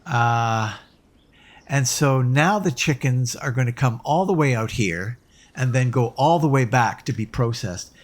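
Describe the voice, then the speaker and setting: A man's voice: mid-range voice, expressive, a little slow. A man casually commenting as he plays a game, musing aloud with hesitant restarts. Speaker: let's play host.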